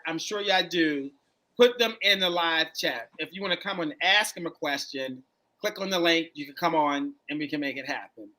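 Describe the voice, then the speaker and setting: A man hosting a live-streamed dating interview, chatty and quick to react, repeating the guest's answers back to him over a video call. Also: a little high, sharp tone. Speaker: dating coach and show host.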